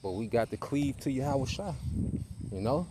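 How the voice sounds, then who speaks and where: A man teaching scripture in a loose, conversational preaching style, stopping often to check in with "okay?" and "man." His voice sits at a middle pitch. Loud background noise runs under everything. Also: animated, moderate pace. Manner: casual preaching, tags lines with "man" and "okay". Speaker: teacher of a Bible study group. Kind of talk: informal sermon teaching.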